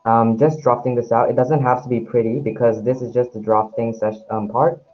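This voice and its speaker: A man's voice: medium pitch, fairly even intonation, fairly quick, dull audio. A man leading a live online calligraphy workshop, talking viewers through his process in a friendly, hesitant way full of fillers and restarts, into a handheld phone mic. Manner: friendly, addresses viewers directly. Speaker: calligraphy instructor.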